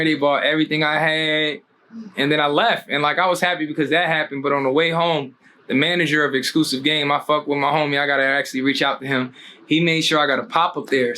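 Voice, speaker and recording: Upbeat man from Pennsylvania spinning quick, slangy stories as an interview guest, with a forceful, tense tone. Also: a little hiss or hum. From Harrisburg, Pennsylvania, US. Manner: animated, slangy, acts out quotes with pitch jumps. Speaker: clothing designer, podcast guest. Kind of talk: casual storytelling interview.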